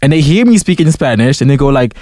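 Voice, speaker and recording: A man's voice: mid-range voice, fast talker. A man chatting as a podcast guest, telling stories with swearing and acting out the people in them. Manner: profane, animated storyteller who acts out people in stories. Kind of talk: casual chat. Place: indoor podcast studio.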